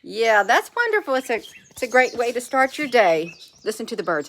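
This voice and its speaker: A woman's voice: on the high side, big pitch swings, fairly quick, fairly bright tone, a little hiss or hum. A middle-aged woman vlogging in a rambling, casual way, cooing fondly at her pet cat between remarks. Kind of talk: casual vlog chat.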